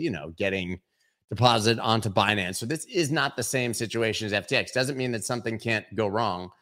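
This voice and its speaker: A man's voice: on the low side, fairly bright tone. A man hosting a weekly crypto news review, talking casually and emphatically, often repeating words for stress.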